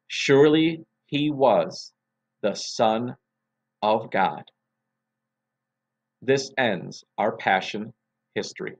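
Male pastor, mid-pitched, very slow and deliberate, devotional scripture reading.

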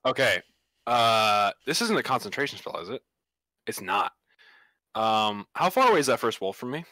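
Bright, stammering man playing a tabletop game. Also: medium pitch, very animated, normal speed, dry recording. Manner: laughs often, stammers, playful. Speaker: player. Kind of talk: casual tabletop game play.

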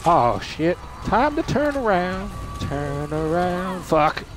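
A young man giving casual commentary while playing a video game, excitable and cursing, often shouting at the game. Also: sits high, slow pace, noisy background. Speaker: gamer.

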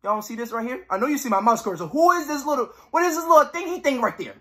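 A man's voice: very high voice, expressive, racing, sharp tone. A young man giving joking, swearing horror game commentary, reading the game text aloud. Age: young adult. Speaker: gaming YouTuber.

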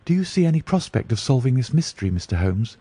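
A man's voice: fairly high pitch, very animated, moderate pace, mellow, breathy edge, dry recording, pitched above the performer's own voice. A prickly young woman from a storybook, short with her questions. A male reader raises his voice well above his own to play her. The sound is dry and close. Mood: impatient. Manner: pointed, with asperity. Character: young woman, sharp and impatient.

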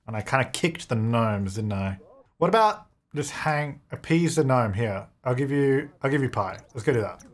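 A man's voice: mid-range voice, animated, moderate pace. A man giving casual gameplay commentary, chatty, talking to his game characters and laughing often. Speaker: gaming video creator.

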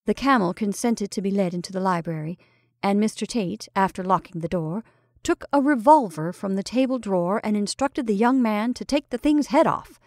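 A woman reading a classic short story aloud in a measured, expressive storytelling style. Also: medium pitch, no echo, studio quality. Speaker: story reader. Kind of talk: scripted storytelling narration.

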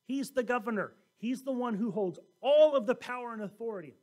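High-voiced pastor preaching with animated storytelling. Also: male voice, fairly quick. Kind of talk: sermon.

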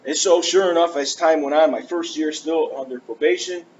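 A man with a fairly high voice speaks at normal speed, preaching in church as he gives his testimony. The storytelling sermon is earnest and animated, full of acted-out conversations. Recorded lo-fi in church, the sound is dull with faint hiss.

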